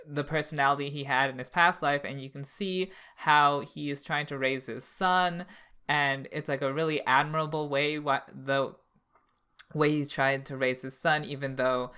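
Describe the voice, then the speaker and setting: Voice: medium pitch, steady tone, normal speed, sharp tone, clean tone. A podcast co-host talking casually about anime, thoughtful and hedging, with many fillers. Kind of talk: casual anime discussion chat.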